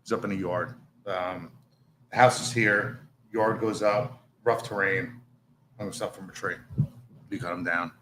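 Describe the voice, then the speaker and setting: A man's voice: low voice, steady tone, a little slow, pauses often, a bit bright. Profane storytelling man, noisy recording. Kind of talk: casual storytelling chat.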